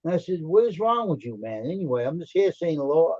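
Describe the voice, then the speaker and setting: Guy running a livestream, jokey and blunt, kinda high voice, dry muffled audio. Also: big pitch swings, fast, darkish tone, slightly rough, no room sound. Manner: joking, blunt storyteller. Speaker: livestream host. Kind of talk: casual livestream chat. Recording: dull dry lo-fi stream audio.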